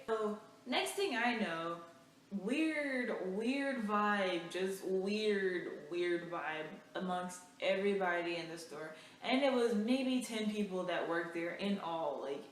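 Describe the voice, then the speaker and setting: A woman's voice: medium pitch, a little hiss or hum. Chatty young woman in an echoey room. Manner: animated, chatty, full of fillers. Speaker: vlogger. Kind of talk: casual storytime. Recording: echoey room, mic far off.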